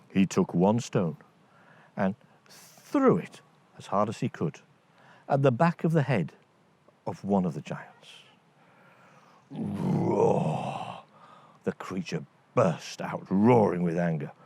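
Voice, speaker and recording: A man tells a children's fairy tale at an unhurried pace. His pitch rises and falls a lot as he narrates. The sound is dry and close. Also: breathy edge, no room sound. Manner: lively, voices each character. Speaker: storyteller. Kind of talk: scripted bedtime story narration.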